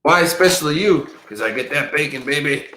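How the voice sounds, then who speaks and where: Cheeky pet dog, put on by a man, voice nudged up a little higher, echoey room. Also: expressive, a little fast, pushed and bright. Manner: playful, boastful. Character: cheeky pet dog, male, bacon-loving.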